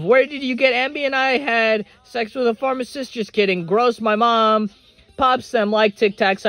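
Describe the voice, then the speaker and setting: A man's voice: very high-pitched, fairly bright tone, no room sound. A man performing a film script as a fan dub, voicing several characters in turn with emotional, dramatic line reading.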